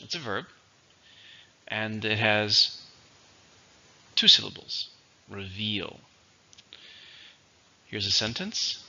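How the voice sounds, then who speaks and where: A man teaching English vocabulary in a slow, patient, explanatory way. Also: on the low side, pushed and bright. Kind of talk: vocabulary lesson. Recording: dull lo-fi recording.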